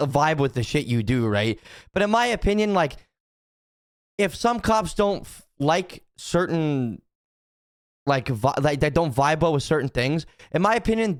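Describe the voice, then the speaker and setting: A man's voice: a little high, no echo, studio quality. A young man streaming, chatting casually to his chat, rambling and swearing, with lots of restarts and repeated "right?".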